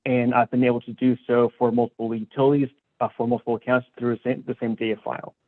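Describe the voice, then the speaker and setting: Hesitant witness on a tinny line. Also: male voice, medium pitch, little pitch movement, fast talker. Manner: hesitant, many fillers. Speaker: expert witness. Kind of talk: testimony over a remote call. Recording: tinny muffled phone-like line.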